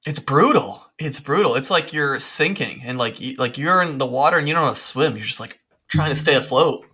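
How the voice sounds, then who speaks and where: A man hosting a podcast in casual chat, telling stories in a lively, animated way with playful asides. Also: medium pitch, a little fast, husky. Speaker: podcast host.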